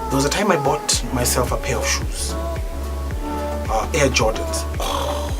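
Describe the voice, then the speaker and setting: A gospel singer from East Africa, a man, telling stories animatedly in an interview, bursting into loud exclaims when excited. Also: medium pitch, takes it slowly, loud music behind the voice.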